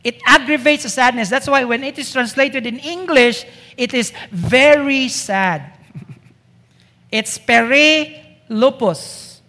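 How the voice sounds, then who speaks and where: Slow yet expressive, a man delivers a sermon in a very high, bright, forceful voice. He drives his points home with emphatic, repeated rhetorical questions as the hall rings with long reverb.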